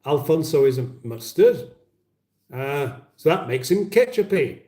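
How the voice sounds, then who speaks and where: A man's voice: a little high, expressive, takes it slowly, warm tone, echoey room. A British man in his fifties hosting a casual livestream from his kitchen, reading out viewer comments with rambling, wry banter and frequent restarts. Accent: British English. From England. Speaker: livestream host. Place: home kitchen.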